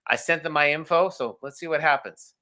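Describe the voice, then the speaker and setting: A man chatting as a guest on a sports podcast, excitable and hyped. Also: fairly high pitch, brisk. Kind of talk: casual sports podcast chat.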